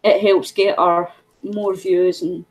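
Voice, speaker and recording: A middle-aged Scottish woman hosts a casual craft livestream, chatting and rambling loosely and cooing at her pet. Her voice is lowish and flat, and she speaks slowly. The recording is low quality, with a slight hiss or hum.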